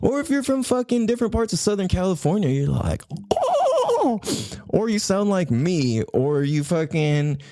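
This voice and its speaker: A man's voice: high-pitched, moderate pace, few pauses, dry recording. A man hosting a podcast in casual, rambling chat, swearing freely and laughing as he goes. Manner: animated, profane, laughing, rambling. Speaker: podcast host.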